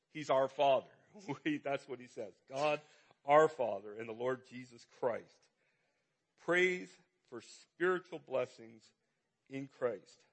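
A man's voice: a little high, a bit bright, slightly rough. A middle-aged man, a pastor, preaching a conversational sermon with lots of repetition and rhetorical questions.

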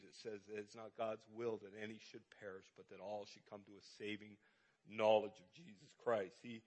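A man's voice: fairly low pitch, fairly bright tone. A middle-aged man, a pastor, preaching a conversational sermon with lots of repetition and rhetorical questions.

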